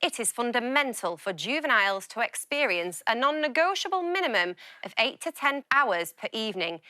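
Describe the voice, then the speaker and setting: A woman doing a posh, formal voice, reading with slow, deliberate, elevated diction. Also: fairly high pitch, big pitch swings, sharp tone, dry recording, clean studio sound, pitched above the performer's own voice. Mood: haughty.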